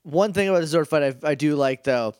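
Chatty man with a higher voice, rambling. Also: quick pace, a little mellow, smooth, no room sound, studio quality. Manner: rambling, with many restarts and acted quotes. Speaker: podcast co-host. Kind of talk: casual chat recapping a TV episode.

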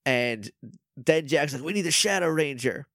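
A young man co-hosting a podcast, chatting casually and acting out characters' lines in quick voices. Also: on the high side, expressive, a bit bright, no room sound, clean studio sound. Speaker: podcast co-host. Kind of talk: casual recap chat.

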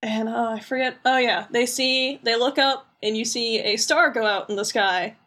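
A woman with a slightly raised pitch talks through a game's story as a podcast co-host. She rambles and jokes bluntly, with plenty of fillers. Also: fairly even intonation, moderate pace, bright, forceful tone. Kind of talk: casual chat recapping a video game.

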